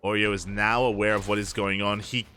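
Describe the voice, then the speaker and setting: A man giving lively play-by-play commentary on a live game as an esports caster, joking and laughing as he talks to the chat. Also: on the low side, fairly quick, clean tone.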